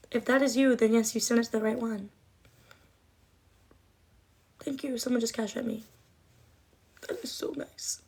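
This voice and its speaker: A woman's voice: a little high, fairly even intonation, quick pace, darkish tone. A young woman chatting casually on a livestream, rambling, emotional and swearing often. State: cold, shivering.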